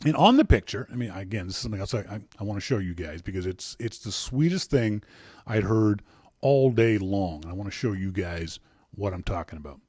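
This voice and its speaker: A man's voice: lowish voice, expressive, a little fast, darkish tone, husky, no room sound. Middle-aged male host, loose and joking, voice swinging up and down, dry close-mic sound. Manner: chatty and teasing, laughs often, many restarts. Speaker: podcast host. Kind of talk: casual call-in show, reading listener emails.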